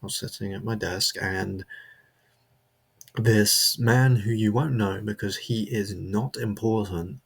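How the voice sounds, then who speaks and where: A man's voice: lowish voice, fairly even intonation, slow, creaky, slightly rough. A man delivering a comedic character monologue, rambling and stammering, repeating himself as he justifies himself.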